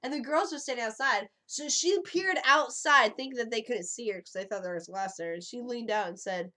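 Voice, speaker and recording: Chatty woman in her thirties, high voice. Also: brisk, sharp tone. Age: 30s. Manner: rambling, swears freely, giggly. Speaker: livestream host. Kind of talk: casual live-stream chat.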